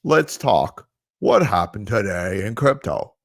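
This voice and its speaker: A man mimicking a slow, self-important male crypto video host who drones in a flat monotone. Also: low-pitched, vocal fry, slightly rough, dry recording, studio quality, voice pushed down, heavily acted. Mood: droning.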